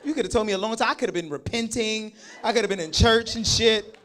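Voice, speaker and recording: A man's voice: high-pitched, fast talker, a bit bright, a faint crowd. A man performing spoken word on a live stage, joking and swearing between rhythmic, punchy lines of poetry. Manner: profane, joking, rhythmic delivery.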